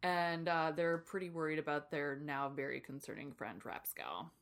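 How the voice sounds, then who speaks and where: A woman's voice: sits low, moderate pace, creaky, fairly bright tone. A woman co-hosting a podcast, casually recapping a book chapter with lots of laughter and acted-out character voices. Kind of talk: casual chat.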